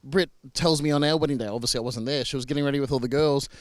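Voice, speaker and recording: A man's voice: mid-range voice, fairly even intonation, racing, no echo. A man from Australia with an Australian accent, a marriage celebrant talking casually and reassuringly to camera with frequent fillers and restarts.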